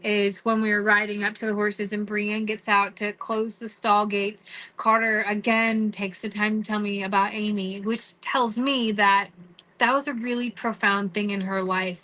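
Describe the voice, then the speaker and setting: A woman's voice: medium pitch, pushed and bright, poor audio. A middle-aged woman telling a story to camera in a chatty way, with many restarts and quoted remarks. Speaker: vlogger.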